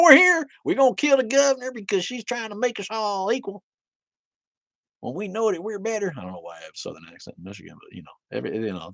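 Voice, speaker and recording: A man's voice: deep voice, creaky, bright, forceful tone, slightly rough, dry recording. A man hosting a casual livestream, reading viewer comments and ranting in a sardonic, profane, rambling way with lots of fillers and restarts. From Maine, USA.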